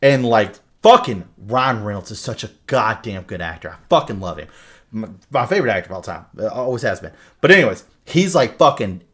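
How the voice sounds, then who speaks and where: A man co-hosting a podcast, retelling a movie plot in casual, animated talk full of swearing and fillers. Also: fairly low pitch, brisk. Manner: animated storyteller, heavy swearing, many fillers. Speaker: podcast co-host.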